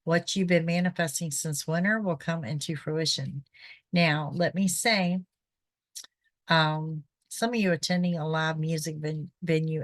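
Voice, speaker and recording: A woman's voice: on the low side, dry recording. A woman, a psychic host giving a casual, chatty horoscope reading, often checking in with "okay?". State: throat irritated by pollen. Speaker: psychic reader, show host.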